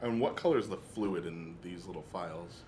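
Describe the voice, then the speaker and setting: Low male player, plain and matter-of-fact, clear background noise on the track. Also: fairly quick, a little mellow. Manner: matter-of-fact, describes his character's actions. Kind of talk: casual tabletop game play.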